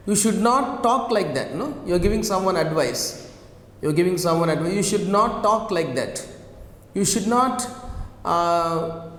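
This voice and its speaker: A male teacher giving a classroom grammar lesson, repeating each phrase slowly and often asking whether the students follow. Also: high-pitched. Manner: slow, spells words out and repeats each phrase; checks understanding with frequent "right?" and "okay?". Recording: echoey classroom, reverberant.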